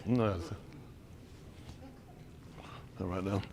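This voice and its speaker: A man's voice: deep voice, slow, vocal fry, noisy background. A middle-aged man preaching a sermon, calling out to the congregation and teasing young listeners. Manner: animated, calls to the congregation, teasing asides.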